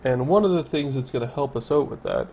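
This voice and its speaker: A man's voice: medium pitch, animated, a little fast, creaky, mellow, a little hiss or hum. A man casually commenting on his city-building game, thinking aloud and correcting himself as he goes. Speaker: let's play commentator.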